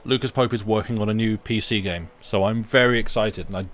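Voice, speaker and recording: A man's voice: lowish voice, steady tone, fairly quick, fairly bright tone. A man co-hosting a live game stream, rambling casually with lots of hesitant ums.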